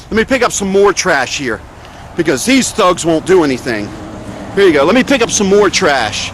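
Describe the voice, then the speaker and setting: Guy with a high voice filming cops outside, sarcastic and preachy. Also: sing-song, moderate pace, fairly bright tone, a little hiss or hum. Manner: indignant, sarcastic, lecturing. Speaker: protester filming police. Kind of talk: confrontational street recording. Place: outdoors beside a road.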